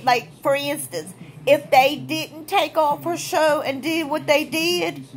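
A woman with a high voice vents to her viewers. She is blunt and heated and swears freely, in a casual opinion rant. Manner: blunt, profane, fired-up. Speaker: vlogger.

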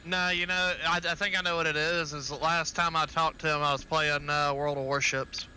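A man's voice: on the high side, little pitch movement, a little fast, bright, forceful tone, a little hiss or hum. A man streaming a flight game, chatting casually with his squad over a headset, laughing often and telling rambling stories. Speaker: streamer and helicopter pilot. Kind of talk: casual gaming voice chat.

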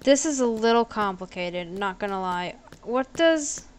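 A woman's voice: mid-range voice, expressive, unhurried, clear, resonant tone. A woman giving chatty, giggly, self-deprecating commentary as she plays a computer game at home. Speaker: gaming video creator.

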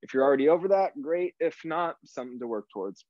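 A man's voice: a little high, animated, quick pace, darkish tone, no room sound, dull audio. A man leading a live online core workout class, giving encouraging coaching cues while slightly out of breath. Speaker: fitness instructor.

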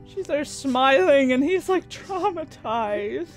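A young woman gives let's-play commentary in a high, slow voice, getting sentimental as she reads game prompts aloud. Game music plays faintly behind her. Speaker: gaming YouTuber.

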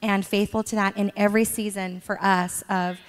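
A woman's voice: medium pitch, level tone, moderate pace. A middle-aged woman being interviewed at church, telling stories about her children with frequent laughter. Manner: warm storytelling with frequent laughs. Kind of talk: church stage interview, storytelling. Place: church sanctuary. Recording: long reverb of a church hall.

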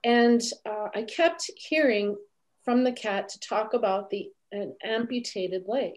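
Woman guest, animated storyteller, slightly high voice, video call. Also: a little slow. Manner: animated, acts out quoted voices. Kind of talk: storytelling interview.

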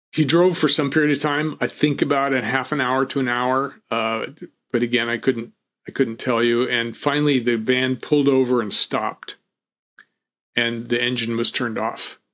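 A man telling his own story as an interview guest, reflective and calm with a wry humor. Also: mid-range voice. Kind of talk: personal storytelling.

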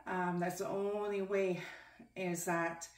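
A woman's voice: on the low side, flat delivery. Out-of-breath woman counting while exercising. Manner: slow rhythmic repetition, breathy and effortful. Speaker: language learner doing a fitness challenge. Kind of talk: counting aloud while exercising, then casual talk to camera. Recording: echoey room, mic at a distance.

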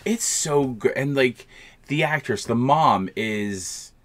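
A man's voice: medium pitch, animated, takes it slowly, fairly bright tone. A man co-hosting a casual movie review chat, enthusiastic and rambling as he talks.

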